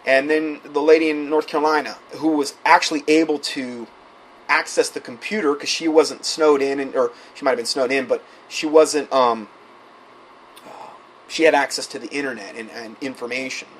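A man's voice: medium pitch, fairly even intonation, normal speed, fairly bright tone, a little hiss or hum, low-quality recording. A man preaching, reading out a string of quoted messages and adding his own asides and fillers. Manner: reads quoted texts aloud with asides, many fillers. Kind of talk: sermon-style recounting.

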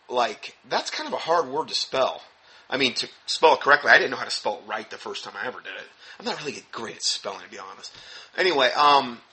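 A man preaching in an emphatic, animated teaching style, stressing points sharply and dropping into low mumbled asides. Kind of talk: sermon-style teaching talk.

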